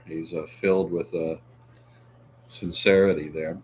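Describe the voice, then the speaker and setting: A man's voice: sits low, flat delivery, unhurried, darkish tone, a little hiss or hum. A man hosting a casual livestream, reading viewer comments aloud with a joking manner, lots of laughs and filler sounds.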